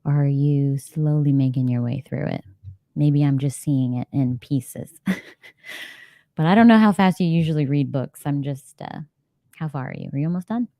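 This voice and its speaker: Low mellow-voiced woman chatting on a live stream, laughs a lot, dry close sound. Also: moderate pace, dry recording. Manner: chatty, reads chat comments aloud, laughs often. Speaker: livestream host. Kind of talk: casual live-chat reading sprint.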